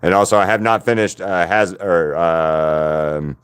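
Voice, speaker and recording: A man's voice: deep voice, little pitch movement, a little slow, clean tone. An American man chatting casually with his stream audience while drawing, rambling from one thought to the next and laughing often. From United States. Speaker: artist streaming to chat.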